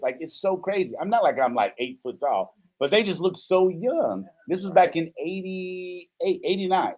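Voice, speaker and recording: A man in his fifties hosting a casual show, telling a story with acted-out quotes and frequent "right?" checks. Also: on the high side. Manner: animated storyteller, acts out quotes, says "right?" often. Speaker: host.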